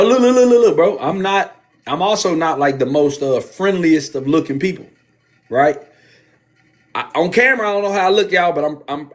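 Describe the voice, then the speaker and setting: A man co-hosting a casual podcast, telling candid stories in an animated way about homeschooling his daughter. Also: on the high side. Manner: candid, animated storytelling with lots of slang. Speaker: podcast co-host. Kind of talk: casual chat.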